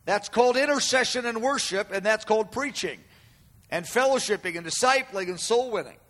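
A man delivers a sermon in a high, bright voice that rings out through a reverberant hall. He speaks with emphasis, circling back over key phrases and drawing quoted cries out slowly and loudly. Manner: emphatic, repeats phrases, swells loud and slow on quoted cries. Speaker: preacher. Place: room with an audience.

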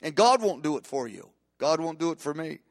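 A man preaching with fervor, his voice sitting a bit higher than most men's. He restarts phrases, then surges into loud, emphatic peaks. The sound is dry and close, with no room around it. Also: very animated, a little fast, dry recording. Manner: impassioned, builds to emphatic peaks, frequent restarts. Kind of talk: sermon.

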